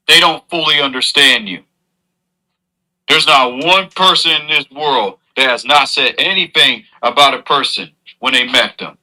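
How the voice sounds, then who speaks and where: A man's voice: medium pitch, bright, forceful tone, rough recording. A man delivering an earnest, moralizing advice monologue to his audience as a streamer.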